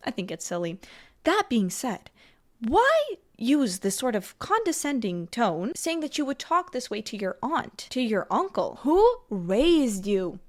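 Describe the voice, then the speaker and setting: A woman's voice: on the high side, very animated, moderate pace. A woman commenting on video clips in a sarcastic, mocking way. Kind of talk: casual reaction commentary.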